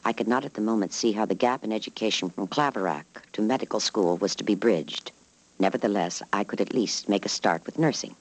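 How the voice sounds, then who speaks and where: A man reading a first-person memoir aloud as a narrator, in a measured, even way. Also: lowish voice, rough recording. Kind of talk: scripted narration.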